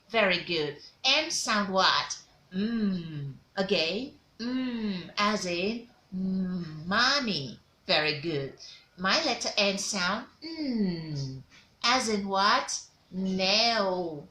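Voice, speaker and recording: A woman's voice: mid-range voice, pushed and bright, echoey room. A woman teaching letter sounds as a diction teacher, drilling each sound and prompting the viewer to repeat it. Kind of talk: phonics lesson to camera.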